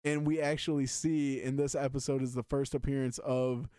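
A man talks eagerly in a loose, casual chat, his sentences tumbling out with plenty of filler words. His voice sits at a middle pitch. The sound is dry and close, with no room echo. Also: moderate pace. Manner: excited and rambling, filler-heavy.

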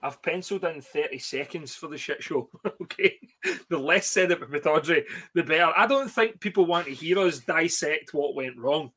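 Bright-voiced Scottish man hosting a podcast. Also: on the high side, moderate pace. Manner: jokey, laughs often, blunt. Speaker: podcast host. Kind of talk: casual podcast chat.

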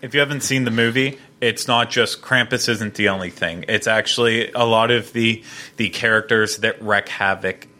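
A man's voice: lowish voice, steady tone, normal speed, sharp tone. A man hosting a casual podcast chat, talking enthusiastically and rambling through restarts. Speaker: podcast host.

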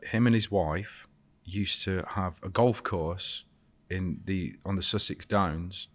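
Middle-aged man, low voice, rambling, self-deprecating, casual chat. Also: slow pace.

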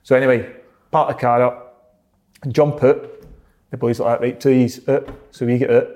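A Scottish man with a medium-pitched voice tells a story at a moderate pace in casual conversation. He's animated, laughs a lot, and acts out the things people said.

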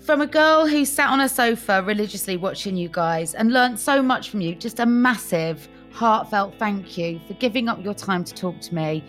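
A woman's voice: mid-range voice, moderate pace, hardly any pauses, a bit bright, faint music behind. A woman hosting an interview podcast over a video call, speaking expressively and with emphasis. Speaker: podcast host.

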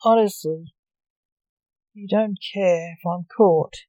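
Woman reading a flippant scheming necromancer, slow and mellow, loud lines. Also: mid-range voice, no room sound, lightly acted, poor audio. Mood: indignant. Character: smug scheming necromancer, adult.

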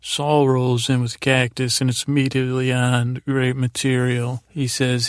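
A man's voice: mid-range voice, little pitch movement, unhurried, hardly any pauses, clear, resonant tone, no room sound, clean studio sound. A man hosting a sleep podcast, loosely retelling TV scenes in a meandering bedtime ramble.

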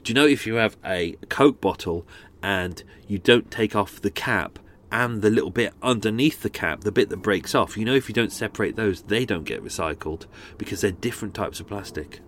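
A man's voice: lowish voice, normal speed, slight background noise. A man hosting a true crime podcast, rambling casually with many fillers and restarts. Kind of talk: casual chatty outro.

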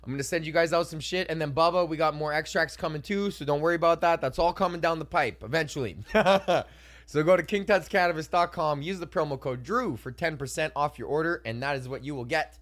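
A young man from Canada rants through a solo podcast with a slightly high voice. He swears constantly, laughs at his own stories and slips into put-on voices for the people he describes. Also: fairly quick, a bit bright. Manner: profane, laughing, acts out customers in voices. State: hiccuping. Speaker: podcast host and comedian. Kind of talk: casual solo podcast rant.

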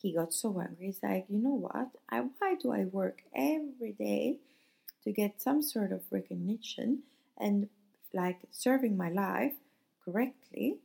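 A woman's voice: medium pitch, animated, a little slow, vocal fry, dark tone, husky. A woman from northern Europe hosting a podcast, telling a story in an earnest, heartfelt way and acting out the quotes. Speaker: podcast host. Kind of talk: casual storytelling monologue.

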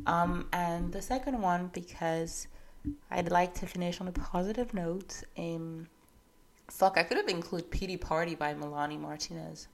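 A young woman hosts her own podcast in a loose, rambling way. She leans on filler words and keeps correcting herself. Her voice sits low, with a gravelly edge. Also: steady tone, a little fast. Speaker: podcast host. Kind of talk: casual solo podcast chat.

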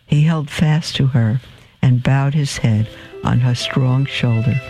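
A male radio host reading a story aloud in a measured, expressive way. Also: medium pitch, over music.

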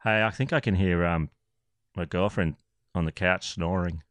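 A man's voice: sits low, moderate pace, a bit bright. A man from Australia co-hosting a podcast over a video call, telling a joke in a rambling, stumbling way. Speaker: podcast co-host. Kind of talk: casual chat and joke telling.

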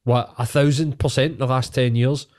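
A man with a Glaswegian Scottish accent co-hosts a podcast, chatting casually but ranting heatedly and swearing a lot. His voice is medium-pitched, a little mellow and steady in tone, at a normal speed.

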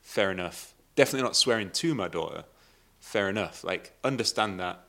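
Man, low voice, forceful bright tone, casual chat, short agreeing replies, dry asides. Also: animated, fairly quick. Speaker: cyclist co-host.

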